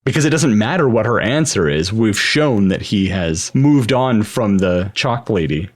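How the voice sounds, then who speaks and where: A man co-hosting a casual podcast, playful and quick to laugh, reading the show's outro. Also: fairly low pitch, animated. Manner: playful, laughs easily, reads show outro. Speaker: podcast co-host. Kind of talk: casual chat.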